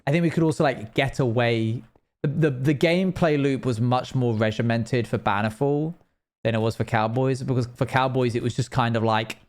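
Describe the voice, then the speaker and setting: A man's voice: medium pitch, normal speed. A young man chatting casually and rambling while he plays a game on a live stream, laughing now and then.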